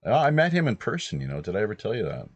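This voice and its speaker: A man in his fifties from British Columbia, hosting and rambling through a relaxed anecdote. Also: fairly low pitch, racing, breathy edge. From British Columbia, Canada. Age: 50s. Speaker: host. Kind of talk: casual anecdotal chat.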